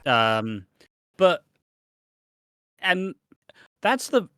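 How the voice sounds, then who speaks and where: A man's voice: sits high, big pitch swings, extremely slow, pushed and bright, clean tone, no echo, studio quality. A man co-hosting a podcast, rambling through a soap recap and swearing freely. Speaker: podcast co-host. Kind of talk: casual chat recapping a soap.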